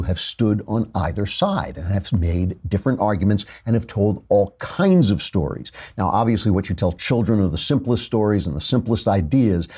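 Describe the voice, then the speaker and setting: A man's voice: lowish voice, dark tone, breathy edge. A man hosting a talk show, giving a wry, digressive, opinionated monologue in a studio. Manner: wry, digressive, self-mocking.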